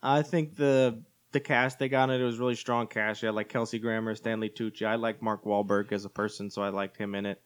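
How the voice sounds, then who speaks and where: A man co-hosting a casual chat, talking in an animated, jokey way and slipping into goofy impressions. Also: on the low side, brisk, hardly any pauses, smooth. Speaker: podcast co-host.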